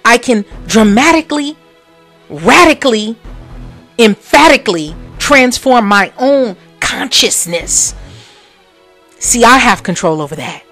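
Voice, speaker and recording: A woman's voice: animated, measured pace, faint music behind. A woman hosting a motivational podcast, speaking in a preachy way and repeating phrases for emphasis. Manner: swings from low murmurs to loud exclamations. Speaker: podcast host. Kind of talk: motivational talk.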